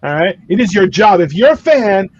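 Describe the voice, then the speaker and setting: A man's voice: high voice, big pitch swings, normal speed, muffled recording. A man, a comedian, riffing profanely in casual chat and ranting with acted-out voices. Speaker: comedian podcast co-host.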